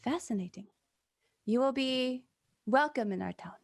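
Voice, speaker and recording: A woman playing a stern half-orc councillor in a tabletop game, pitched well above her own voice. She speaks in precise, clipped, formal sentences. The sound is close and dry. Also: lively intonation, normal speed, vocal fry, no room sound.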